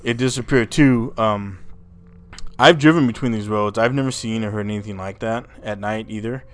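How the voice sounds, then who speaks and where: A man hosting a podcast, telling a story in a rambling, casual way, stumbling over and repeating his words and swearing freely. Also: mid-range voice. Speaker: podcast host.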